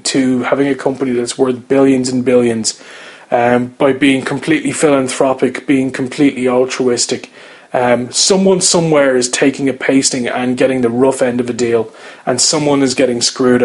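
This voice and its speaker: A man talks through his review of a TV episode in a loose, rambling way. He keeps stopping and restarting with plenty of fillers while he airs his opinions. His voice sits at an ordinary middle pitch. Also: a little mellow. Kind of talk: casual spoken review.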